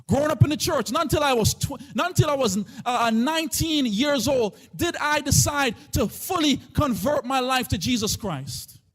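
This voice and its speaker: Man, pastor, very high-pitched, impassioned sermon, sing-song chant, shouts and hushes. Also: lively intonation, moderate pace, few pauses. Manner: impassioned preaching, swinging between shouting and hushed tones. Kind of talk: live church sermon. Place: church sanctuary.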